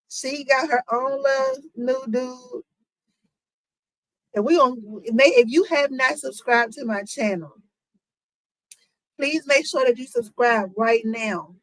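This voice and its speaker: A woman's voice: fairly high pitch, lively intonation, takes it slowly, long pauses, fairly bright tone, dry recording, low-quality recording. A woman hosting her own commentary channel, talking casually to viewers with lots of fillers and asides. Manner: chatty, lots of fillers, addresses viewers as y'all.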